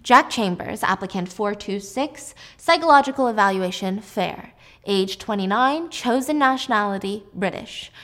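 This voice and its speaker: A woman voicing a clinical doctor who reads out an applicant file in brisk, formal questions. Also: medium pitch, expressive, fairly bright tone, lightly acted.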